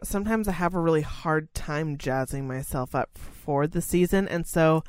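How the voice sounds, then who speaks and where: A woman's voice: low-pitched, normal speed, a little mellow, dry recording. A young woman co-hosting a podcast in casual chat, emotional and teary, swearing freely and gushing as she talks. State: teary, crying while talking. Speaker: podcast co-host.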